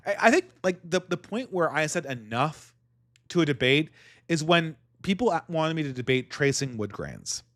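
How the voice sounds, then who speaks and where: A man hosting a casual livestream, reading donations and talking in a sardonic, halting way with frequent restarts. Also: on the high side, fairly bright tone, no echo, studio quality. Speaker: livestream host.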